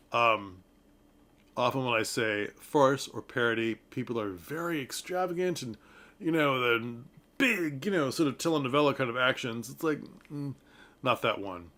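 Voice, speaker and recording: A man's voice: mid-range voice, fairly bright tone. A man reviewing a stage play to camera in a casual, chatty way, with frequent ums and asides to his viewers.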